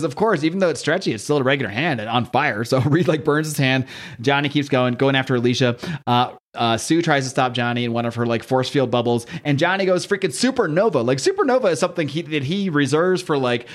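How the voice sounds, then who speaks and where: A man hosting a casual podcast, chatting about a comic, laughing often and reading lines aloud in voices. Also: mid-range voice. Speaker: comic book podcast host. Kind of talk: casual chat recapping a comic.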